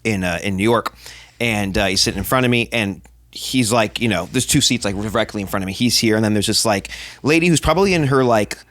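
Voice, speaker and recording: A man hosting a podcast, chatting casually in a relaxed, rambling way, pausing on fillers as he tells a story. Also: on the low side, dry recording. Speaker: podcast host.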